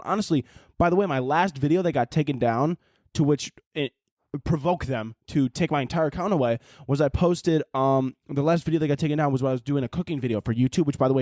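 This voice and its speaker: A man's voice: a little high, darkish tone, no echo, clean studio sound. A young man hosting a podcast, rambling through a jokey, profane comic monologue. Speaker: podcast host. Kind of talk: casual comedic monologue.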